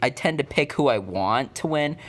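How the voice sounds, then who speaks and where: A man talking casually to camera in a sports predictions vlog, an excitable fan who rambles and fills his talk with "um"s. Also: mid-range voice, normal speed. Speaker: vlogger.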